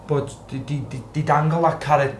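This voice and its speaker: A man's voice: fairly high pitch, fairly even intonation, brisk, slight background noise. A man, a podcast guest telling a rambling, swearing story. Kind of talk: casual storytelling. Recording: echoey room, faint ambience.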